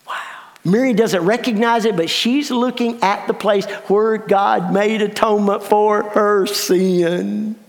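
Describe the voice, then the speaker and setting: A man pastor preaching a storytelling sermon with dramatic swings between hushed asides and exclaiming. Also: high voice, fairly even intonation, unhurried, vocal fry. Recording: long reverb of a large hall.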